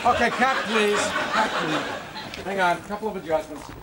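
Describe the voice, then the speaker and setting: A man directing on a TV set, briskly calling cut and giving adjustments to the cast. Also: high-pitched, expressive, a loud crowd. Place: TV studio set. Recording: loud set noise.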